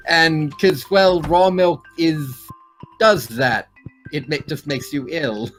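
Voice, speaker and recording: A man co-hosting a casual gameplay chat, animated and quick to swear, with sudden jumps in pitch when excited. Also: soft background music. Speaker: gaming co-host.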